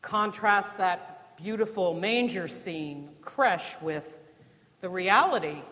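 A woman's voice: on the low side, animated, takes it slowly, a bit bright. A woman from New Jersey preaching a sermon in a conversational way, with rhetorical questions and dry humor, in a church. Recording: long reverb of a church.

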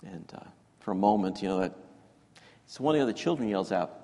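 A man's voice: fairly low pitch, lively intonation, brisk, a little mellow, a little hiss or hum. A male pastor telling a children's story in a sermon, chatty and self-deprecating with many fillers and restarts. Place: church sanctuary. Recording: echoey church hall.

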